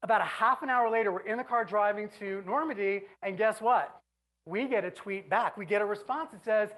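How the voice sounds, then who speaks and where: A woman giving an animated, exasperated on-stage storytelling speech, now and then breaking into shouts. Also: medium pitch, fairly quick, rough recording. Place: stage before an audience.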